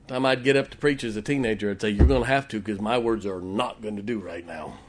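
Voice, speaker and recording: A man's voice: fairly low pitch, a little fast, slight background noise. A middle-aged man, preaching a sermon in church in a folksy storytelling manner. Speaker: pastor.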